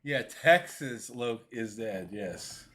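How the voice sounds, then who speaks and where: A man co-hosting a casual gaming podcast, teasing his friend with halting restarts and frequent laughs. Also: medium pitch, animated, fairly bright tone, slight background noise. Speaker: podcast co-host. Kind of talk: casual trash talk with a friend.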